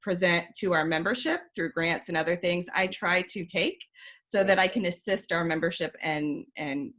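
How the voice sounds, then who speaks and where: A middle-aged woman talks through her work in an earnest, detailed way. Her voice sits a little low, and she often restarts her sentences. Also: moderate pace, a bit bright. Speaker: regulatory director, interview guest. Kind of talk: casual interview answers.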